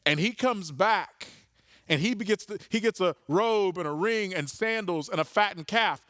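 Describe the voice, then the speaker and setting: A man's voice: high-pitched, measured pace, a bit bright, no room sound, studio quality. A man preaching a sermon as pastor, earnest, often repeating words as he searches for a phrase.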